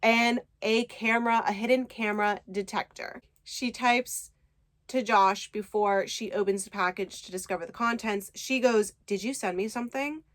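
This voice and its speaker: A woman's voice: mid-range voice, steady tone, normal speed, fairly bright tone. A woman casually recapping a book to her viewers, chatty and enthusiastic, with the odd swear word. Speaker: book reviewer.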